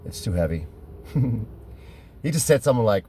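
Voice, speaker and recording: Middle-aged German-accented man, deep mellow voice, casual rambling storyteller who corrects himself often. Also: big pitch swings, normal speed, long pauses, a little hiss or hum. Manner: rambling, self-correcting, laughs at his own stories. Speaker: fitness trainer telling stories.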